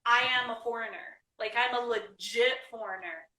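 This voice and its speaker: A woman chatting as an interview guest, quick to laugh and always asking "right?". Her voice is bright and forceful and sits a little high. She sounds a bit far from the mic in an echoey room, with faint noise behind her. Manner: chatty, laughs often, says "right?" a lot. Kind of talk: casual interview chat.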